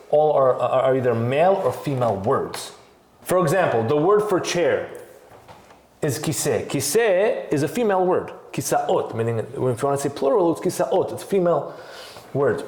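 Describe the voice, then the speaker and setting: A man's voice: medium pitch, darkish tone, echoey room. A man co-hosting a casual podcast who explains his ideas step by step and asks rhetorical questions as he goes. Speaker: podcast co-host.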